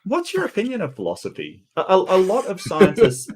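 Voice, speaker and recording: A man hosting a casual interview, speaking haltingly as he searches for his words. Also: high voice, huge pitch swings, a little mellow, slightly rough. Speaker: host.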